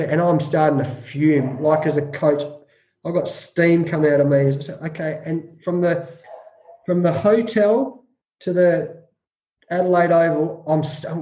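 Animated middle-aged Australian man, echoey room. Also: a little high. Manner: acts out quoted shouting, rapid repetitions. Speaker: cricket coach and author. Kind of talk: animated storytelling in an interview.

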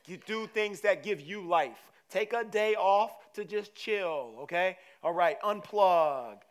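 A man preaching a sermon to his church, telling a story in lively, casual words that swing from loud to hushed. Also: high voice, slow pace. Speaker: pastor.

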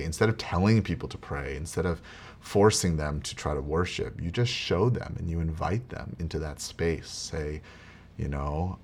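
A man with a very low, deep voice recaps his week in a personal faith vlog. He talks earnestly and a bit preachily, with casual asides and frequent "right?" checks. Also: normal speed. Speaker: faith vlogger.

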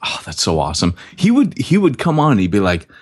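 A man's voice: fairly low pitch, wildly swooping pitch, quick pace, slightly rough. A man co-hosting a podcast, chatting casually and joking, slipping into silly voices. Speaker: podcast co-host.

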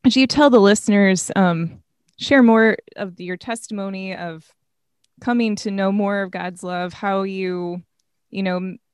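Woman cohost, smooth clear voice, dry mic, nudging the guest along. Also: medium pitch, measured pace, no room sound. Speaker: podcast co-host. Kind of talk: casual interview.

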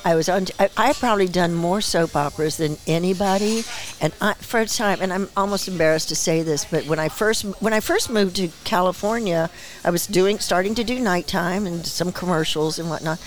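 A woman in her seventies, a guest in a relaxed interview at a small bar. She acts out the people she quotes with a lively storyteller's flair and laughs often. Her voice sits slightly low for a woman. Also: fairly quick. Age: 70s. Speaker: guest actress and director.

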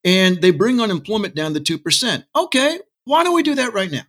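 A middle-aged man with a slightly high voice talks passionately as an interview guest. He argues his point with quick asides and pointed rhetorical questions. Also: sing-song, fairly bright tone. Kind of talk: casual interview talk. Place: Texas.

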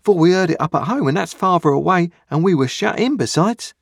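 A frightened young boy's voice, high, anxious and trembling, pitched far above the man reading him, who keeps the tone lively and rising. The boy stays polite even as he fears for himself. Dry, close sound with no room around it. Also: brisk, vocal fry, no echo, exaggerated voice. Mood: earnest.

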